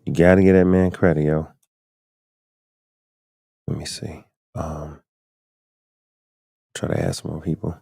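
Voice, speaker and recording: A man with a low, deep voice hosts a live podcast stream and talks casually to his viewers. His tone is dark and mellow, and the sound is dry and close. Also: little pitch movement, unhurried, creaky, long pauses, husky, no room sound. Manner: loose and chatty, addresses viewers directly. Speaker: podcast host.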